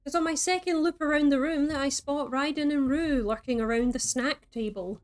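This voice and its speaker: A woman's voice: sits high, normal speed, hardly any pauses. A woman reading a story game aloud as a streamer, breaking in with playful, chatty asides.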